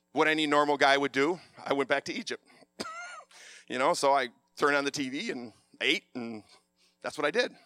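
Male preacher, sermon, animated and passionate, loud voice, bright tone, fairly high pitch. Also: no room sound.

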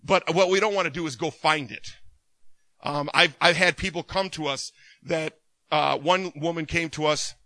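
High, bright-voiced male preacher. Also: normal speed. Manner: animated storytelling, laughs often. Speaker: minister. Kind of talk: sermon.

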